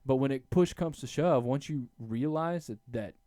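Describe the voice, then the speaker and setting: A man's voice: mid-range voice, normal speed, dry recording. Rambling man on a dry close mic. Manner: rambling, restarts often, jumps into sudden loud emphasis. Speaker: podcast host. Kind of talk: casual podcast chat.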